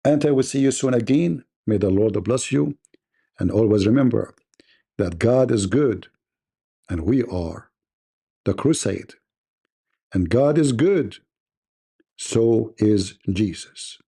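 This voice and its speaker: A man's voice: on the low side, lively intonation, takes it slowly, creaky, pauses often, dark tone, husky. A man hosting a livestream debate, delivering a mocking, combative monologue.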